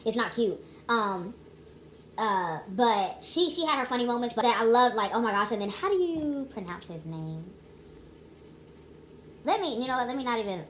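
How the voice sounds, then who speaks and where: Young woman vlogger, slightly high voice, casual rambling review, emphatic and chatty, faint room hum. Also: lively intonation, normal speed, fairly bright tone. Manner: chatty, emphatic, many restarts and asides.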